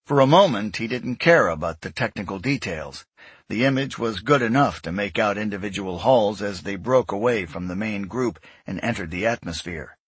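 A man giving scripted narration of a sci-fi story in a measured, even way. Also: lowish voice, husky, dry recording. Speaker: audiobook narrator.

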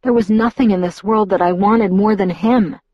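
A woman narrating a novel in the first person, speaking in a reflective, inward way. Her voice sits at an ordinary middle pitch. The recording is dry and close, with no room sound. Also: steady tone, moderate pace, no echo, lo-fi sound. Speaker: audiobook narrator.

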